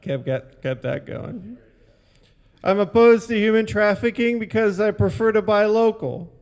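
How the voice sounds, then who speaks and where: High-voiced man doing awkward one-liners. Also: unhurried, darkish tone. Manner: dry, awkward, self-deprecating asides. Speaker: stand-up comic. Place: brewery taproom stage.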